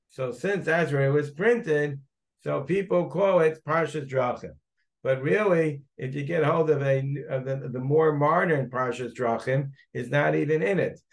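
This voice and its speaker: A man, a rabbi, teaching a Talmud class, thinking aloud as he searches through the text and digresses. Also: mid-range voice.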